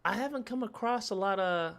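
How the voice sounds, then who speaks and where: A man hosting a livestream, reacting to clips in casual, animated commentary and repeating his phrases. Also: high-pitched, fairly quick, gravelly.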